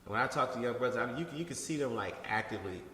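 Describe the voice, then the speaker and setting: A man with a bright, forceful voice tells stories in a loose, profane interview style, often stumbling and restarting his sentences. The room is echoey, with a long reverb tail. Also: medium pitch, racing, a little hiss or hum. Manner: animated, profane storytelling with many restarts. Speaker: congressional candidate. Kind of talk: casual podcast interview.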